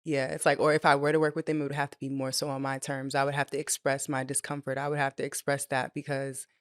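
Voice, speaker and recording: A young adult woman hosting a relaxed podcast chat, chatty and playful. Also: extremely low pitch, quick pace, no room sound, clean studio sound. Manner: chatty and playful, drops into whispers for a joke. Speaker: podcast host. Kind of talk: casual chat.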